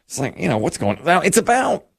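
His voice is a little high, gravelly, and husky, and he talks fast. A co-host in a casual chat, he tells a funny anecdote with lots of animation, acting out quoted lines and laughing frequently.

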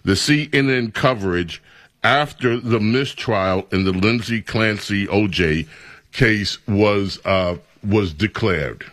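Low-voiced talk radio host. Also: male voice, slow, fairly bright tone, no echo. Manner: incredulous, rambling.

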